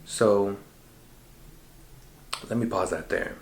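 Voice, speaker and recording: A man hosting a podcast, recounting a dream in an animated, slangy and profane way. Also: lowish voice, slow. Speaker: podcast host. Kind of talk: casual storytelling. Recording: roomy echo.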